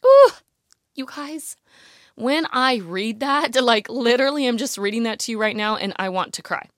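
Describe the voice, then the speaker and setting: Woman host, casual Bible teaching, animated and heartfelt, dry close sound. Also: on the high side, a little slow, dry recording. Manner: animated and emotional, often saying "you guys" and "like, literally". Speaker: Bible teacher addressing women listeners.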